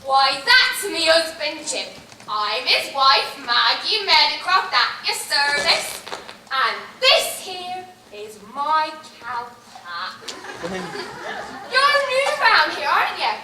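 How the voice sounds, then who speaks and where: A woman's voice: sits high, very animated, takes it slowly, sharp tone, slight background noise, exaggerated voice. A woman playing a chatty, homely middle-aged farmer's wife in an amateur stage comedy. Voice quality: folksy, gossipy manner. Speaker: stage actor. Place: large theatre stage. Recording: echoey theatre stage from far off.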